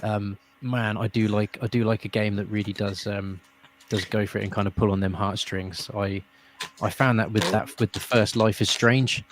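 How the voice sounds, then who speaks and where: A man's voice: fairly low pitch, steady tone, moderate pace, hardly any pauses. A man hosting a live stream, rambling and laughing in casual chat. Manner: friendly, rambling, laughs often. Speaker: host. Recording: faint noise.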